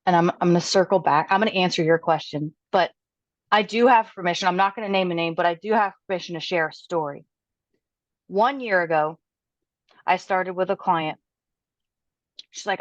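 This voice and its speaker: A woman personal trainer, a guest on a podcast, telling a client's story with animated quoting. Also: fairly low pitch, normal speed, pauses often, dry recording, muffled recording. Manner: animated, quotes her client's words aloud.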